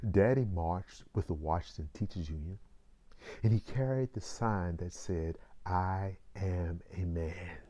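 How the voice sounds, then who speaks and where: A man in his sixties telling a personal story in a measured way, with deliberate pauses. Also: low-pitched, warm tone.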